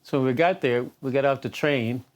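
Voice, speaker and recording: This is a storytelling interview with an older Detroit-area singer who keeps chuckling through his anecdotes. He talks fairly quickly in a mid-range voice.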